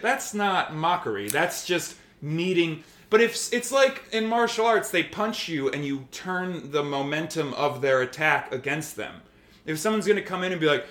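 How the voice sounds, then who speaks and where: Animated, bright-voiced man arguing. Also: on the high side, moderate pace, roomy sound. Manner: animated, mocking impressions of online trolls. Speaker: podcast co-host. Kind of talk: heated casual debate.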